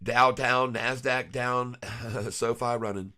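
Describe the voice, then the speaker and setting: Excitable male stock vlogger with a bright, forceful voice and quick rhyming hype. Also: mid-range voice. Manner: excitable, laughs often, rhyming hype riffs. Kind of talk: live market commentary.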